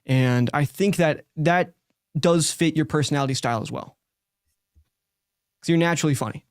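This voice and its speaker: A man's voice: on the high side, moderate pace, no room sound, clean studio sound. A man who hosts a show, giving direct, talkative live coaching feedback with many likes and restarts. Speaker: sales coach and show host.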